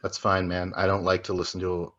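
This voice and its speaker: A man's voice: low voice, monotone, brisk, fairly bright tone, muffled recording. A man co-hosting a podcast, chatting casually and profanely about a reality show, joking and rambling. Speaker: podcast co-host. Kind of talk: casual podcast recap chat.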